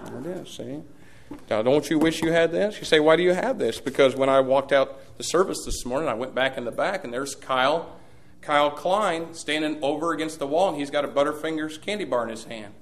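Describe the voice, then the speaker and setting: High-voiced folksy preacher man. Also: brisk, gravelly. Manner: folksy preacher with sudden loud climaxes and hushed asides. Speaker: pastor. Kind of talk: sermon.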